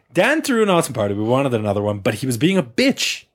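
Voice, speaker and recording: Lively man telling a story among friends. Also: mid-range voice, brisk. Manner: storytelling, laughs often, keeps getting sidetracked. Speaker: podcast host. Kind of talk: casual chat among friends.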